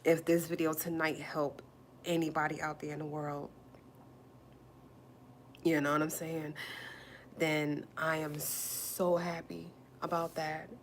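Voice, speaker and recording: A woman hosting a livestream, talking softly and repeating herself as she consoles viewers, then turning sassy while reading comments. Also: sits low, flat delivery, slow pace, long pauses, slight background noise. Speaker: livestream host. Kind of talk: casual livestream talk to viewers.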